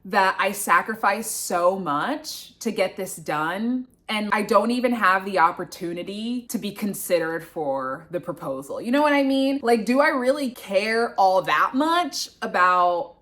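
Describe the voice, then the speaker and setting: A young woman telling a casual storytime vlog, animated and swearing, acting out what others said. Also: mid-range voice, unhurried, hardly any pauses. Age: young adult. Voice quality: expressive, swearing, acts out voices of others. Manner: animated retelling, swings between loud and hushed. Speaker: vlogger, grad student.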